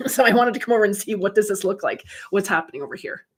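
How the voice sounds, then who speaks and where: A woman's voice: mid-range voice, quick pace, breathy edge. A middle-aged woman, a medium and life coach, hosting a casual livestream, chatting candidly and reading viewer comments aloud.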